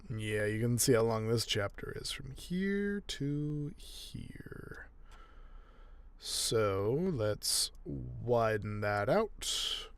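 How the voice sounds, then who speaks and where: A man's voice: lowish voice, slow, creaky, few pauses, clean tone, no echo. Tired man muttering while he edits. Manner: muttering thoughts aloud, drifting into whispers. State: tired, yawning. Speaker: audiobook narrator editing his recording. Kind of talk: casual talk-along while editing.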